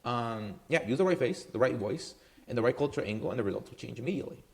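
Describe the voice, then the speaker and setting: A fast-talking man with a mid-range voice and lively intonation runs a marketing business and offers casual talking-head advice straight to camera. His style is loose and conversational, heavy on "um"s, with "right?" tagged onto his points.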